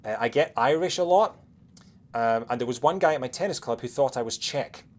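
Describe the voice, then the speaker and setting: A man with a Scottish accent softened by years in England, chatting quickly while streaming a game, with lots of fillers and restarts. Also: medium pitch, animated. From Scotland. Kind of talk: casual chat while playing a game.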